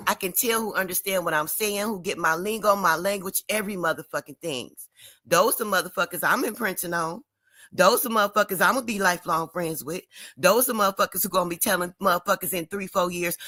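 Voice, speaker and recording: A woman with a Detroit accent speaks on her livestream, blunt, emphatic and heavy with profanity while she is upset and crying. Her voice is lowish and sharply bright. The sound is close and dry, with no room around it. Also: brisk, dry recording. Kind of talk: emotional livestream rant.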